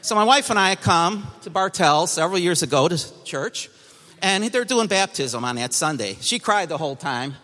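A man's voice: sits high, expressive, normal speed, sharp tone, long reverb tail. A man giving an emphatic personal testimony to a church congregation, telling his story with energy.

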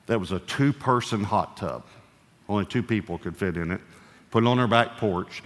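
A man's voice: on the low side, long reverb tail. An older man, a pastor, preaching a sermon in a conversational, storytelling way with playful humor.

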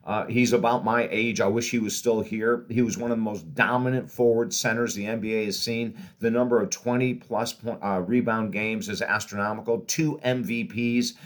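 Male host, 60s, low register, motivational monologue, energetic storyteller. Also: moderate pace, hardly any pauses. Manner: animated storyteller, swinging from loud excitement to quiet asides. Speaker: podcast host and author.

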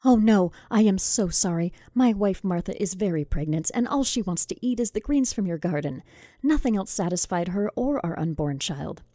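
A woman's voice: mid-range voice, lively intonation, moderate pace, dark tone, dry recording, clean studio sound, close to an everyday voice. A woman voicing a nervous, fussing young husband who stammers and tries to placate. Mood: pleading.

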